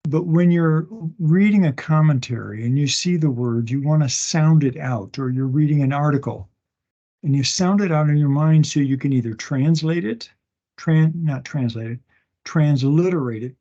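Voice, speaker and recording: A male instructor giving a recorded class lecture from home, talking slowly and haltingly, often pausing and restarting, and sounding out words one at a time and repeating them. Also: a little high, mellow. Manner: slow, halting, with many restarts and fillers. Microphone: online meeting recording. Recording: dull lo-fi meeting audio.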